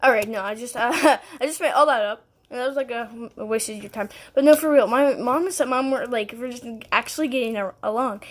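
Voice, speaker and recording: A woman's voice: on the high side, a little fast. A young woman telling a story to her vlog viewers in a rambling, casual way, full of "like" and "um" and little laughs. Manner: rambling, heavy on "like" and "um", giggly. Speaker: vlogger.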